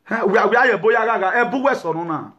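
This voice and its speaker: A man's voice: high-pitched, fast, fairly bright tone, highs cut off. A man, lecturing and ranting to camera as an activist host, mixing English with Yoruba and pidgin. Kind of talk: impassioned talk to camera.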